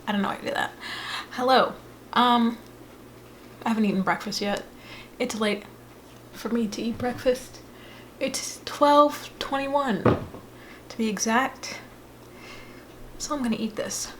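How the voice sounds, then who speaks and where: A woman's voice: on the high side, steady tone, measured pace, pauses often, slight background noise. A young woman in her twenties chatting casually to her viewers in a playful, rambling way. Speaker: vlogger. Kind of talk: casual vlog chat.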